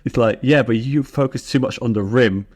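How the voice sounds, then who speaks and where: A man co-hosting a podcast, recapping a sitcom with lots of giggling and acting out bits of dialogue. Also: medium pitch. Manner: giggly, acts out lines in quick voices. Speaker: podcast co-host. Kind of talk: casual chat recapping a sitcom.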